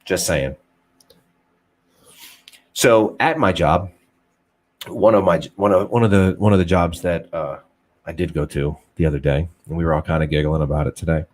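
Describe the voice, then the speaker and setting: A man's voice: deep voice, fairly even intonation, moderate pace, pauses often. A young man hosting an unfiltered talk show, rambling casually, swearing freely and joking at his own expense. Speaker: podcast host.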